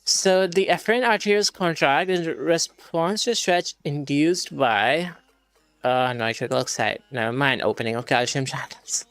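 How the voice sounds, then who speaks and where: A man's voice: a little high, normal speed, fairly bright tone, dry recording, soft background music. A male streamer reading practice questions aloud and working through them casually, swearing when frustrated.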